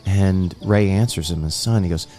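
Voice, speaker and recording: Retelling a scene from a film, this man co-hosting a podcast speaks casually yet earnestly and thoughtfully, voicing the quoted dialogue. He has a low, warm voice at a moderate pace, and faint music plays in the background.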